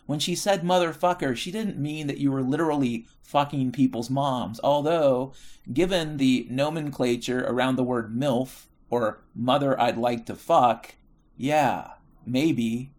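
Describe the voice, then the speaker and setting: A man's voice: medium pitch, a little slow, a little mellow. Middle-aged man, American, casual monologue; swears freely, wanders, corrects himself mid-sentence. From United States. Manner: profane, rambling, self-correcting.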